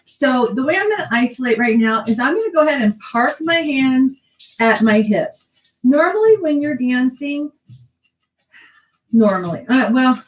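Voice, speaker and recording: A woman's voice: fairly high pitch, reverberant, distant mic, rough recording. A woman teaching a belly dance class, counting the moves aloud with chatty asides. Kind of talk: online dance class instruction.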